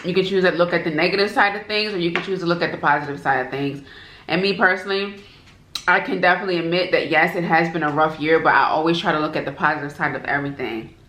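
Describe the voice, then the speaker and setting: A woman's voice: lowish voice, fast. A woman hosting an eating show, chatting casually to her viewers between bites. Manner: warm, chatty, talks to viewers as "y'all". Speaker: mukbang host. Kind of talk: casual chat while eating. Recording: echoey room with faint noise.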